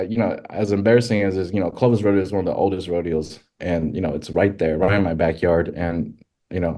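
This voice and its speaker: A man who is a podcast guest, telling stories casually and animatedly, leaping up in pitch when he quotes himself. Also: dark tone. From California. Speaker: guest, rodeo filmmaker. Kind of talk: casual storytelling.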